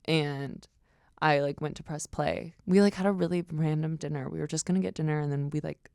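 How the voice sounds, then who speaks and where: Low, gravelly young woman telling stories. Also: steady tone, a little fast, a little mellow, dry recording, studio quality. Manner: storytelling, swears freely, acts out quotes. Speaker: podcast guest. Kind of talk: casual chat.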